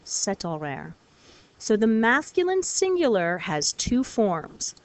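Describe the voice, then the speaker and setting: Woman, patient teacher voice, clear step-by-step explaining, mid pitch. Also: dry recording. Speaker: French teacher. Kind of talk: recorded classroom lesson.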